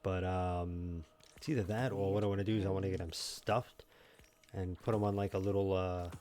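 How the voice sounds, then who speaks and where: A man's voice: low-pitched, fairly even intonation, moderate pace, dark tone. A man streaming a video game from home, joking and rambling as he chats with his viewers by name. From New York. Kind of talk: casual gaming stream chat.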